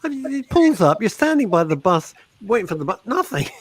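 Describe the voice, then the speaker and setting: A man co-hosting a radio show, lively and quick to laugh and exclaim. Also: high-pitched, husky. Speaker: radio co-host. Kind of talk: casual radio chat.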